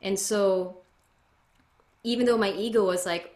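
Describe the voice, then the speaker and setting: A woman's voice: medium pitch, fairly even intonation, measured pace, darkish tone, reverberant. A woman speaking earnestly as a podcast guest, reflective and spiritual in a flowing way. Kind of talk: reflective interview talk.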